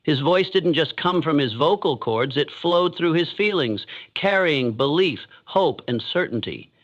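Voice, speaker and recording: Measured male motivational narrator, slightly high. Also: a bit bright, dull audio.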